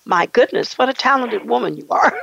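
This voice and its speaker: A woman hosts a talk show in an enthusiastic, effusive way. Her voice has a gravelly fry. The recording is dry and a little dull and lo-fi. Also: fairly high pitch, animated, moderate pace, fairly bright tone, no echo. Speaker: podcast host. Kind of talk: radio talk show hosting.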